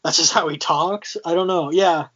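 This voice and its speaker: A man's voice: on the high side, fairly even intonation, moderate pace, fairly bright tone, breathy edge, dull audio. A man in casual chat, hesitant and full of fillers.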